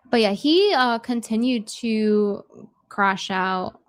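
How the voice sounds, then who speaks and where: A woman's voice: on the high side, expressive, drawn-out words. A woman co-hosting a livestream, chatty and sarcastic, with lots of fillers. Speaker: livestream co-host. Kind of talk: casual livestream commentary.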